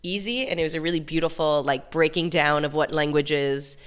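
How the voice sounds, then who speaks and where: A woman's voice: low-pitched, brisk. An American woman talking animatedly as an interview guest. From United States. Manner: lively, animated storyteller. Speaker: beatboxer and guest. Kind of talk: casual interview chat.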